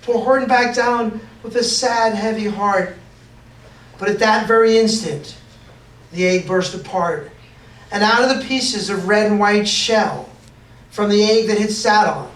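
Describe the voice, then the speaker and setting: A man's voice: high voice, a bit bright. A man reading a picture book aloud to children, playful and full of sound effects, heard in an echoey room from a distance.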